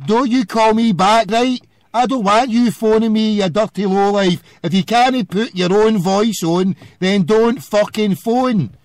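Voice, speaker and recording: A man's voice: high-pitched, a little slow. A Scottish man hosting a call-in show, ranting and hurling insults at a caller. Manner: abusive, ranting, hurls insults. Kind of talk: phone-in radio rant.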